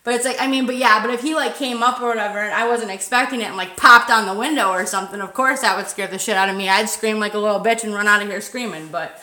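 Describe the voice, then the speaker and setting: Bright, rambling woman streaming outdoors. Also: medium pitch, roomy sound, slight background noise. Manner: rambling and chatty, swears freely, greets viewers. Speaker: paranormal livestream host. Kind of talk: casual livestream chat. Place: outdoors at night.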